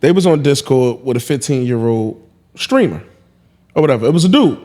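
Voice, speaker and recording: A man's voice: medium pitch, expressive, a little fast, dark tone. A man hosting a casual podcast, telling a story in a laid-back way and acting out the back-and-forth. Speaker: podcast host.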